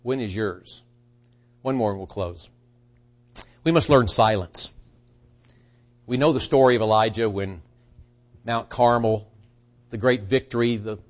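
A man preaching a sermon, swinging from hushed, quiet lines to loud, rising bursts, with halting restarts. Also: lowish voice.

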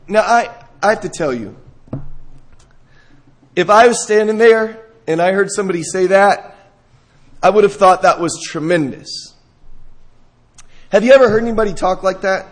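A man preaching a sermon, reading scripture and talking it through, rising to emphatic peaks and dropping low. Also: normal speed, long pauses. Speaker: pastor.

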